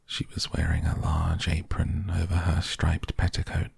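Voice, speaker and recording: A man reading a children's storybook aloud as the narrator, gently and with soft hushed asides. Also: low-pitched, monotone, normal speed, gravelly, slightly rough, no echo, in a whisper.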